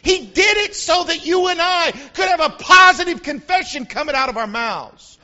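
A man preaching a sermon as a pastor, building to shouts and calling out to the congregation. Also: very high-pitched, animated, normal speed. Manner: preaching with rising shouts and call-and-response. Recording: dull lo-fi recording.

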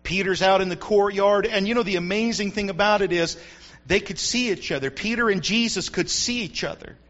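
A man preaching a sermon, telling the story with animated swings between loud and hushed delivery, on a dull lo-fi recording. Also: high voice, brisk.

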